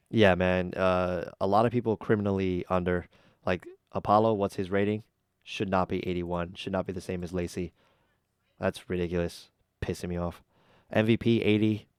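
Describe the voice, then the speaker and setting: A man hosting a casual YouTube reaction video gives blunt, chatty opinions full of ums and uhs. His voice sits low and smooth, in a dry, studio-quality recording.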